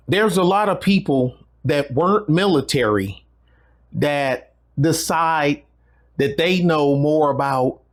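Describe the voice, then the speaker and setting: A middle-aged man chats casually to his channel's viewers. His voice sits a little high for a man. He rambles in a folksy way and restarts his sentences often. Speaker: channel host. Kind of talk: casual talk to camera.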